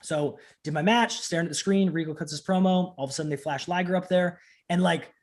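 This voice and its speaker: A man talking casually as an interview guest, telling an animated story with lots of "like" and acting out what people said. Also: a little high, fast talker. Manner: animated, acts out the voices of people in his stories, fills in with "like". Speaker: professional wrestler, interview guest.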